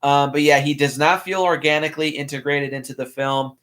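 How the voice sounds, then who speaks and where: A man's voice: a little high, fairly even intonation, fairly quick, a bit bright. A young man hosting a casual film review podcast, blunt and opinionated, with frequent ums. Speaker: podcast host. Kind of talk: casual movie review chat.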